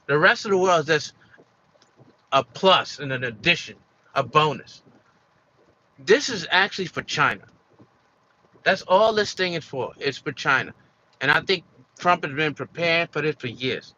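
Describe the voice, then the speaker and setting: A man's voice: on the high side, lively intonation, normal speed, long pauses, bright, forceful tone, dull audio, slight background noise. A man giving an emphatic opinion monologue for his video channel, repeating his points with many fillers and restarts. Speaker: commentary vlogger.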